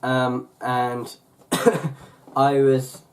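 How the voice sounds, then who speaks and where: A man's voice: medium pitch, monotone, very slow. A young man from England talking casually on his vlog, rambling with lots of fillers and restarts. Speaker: YouTuber.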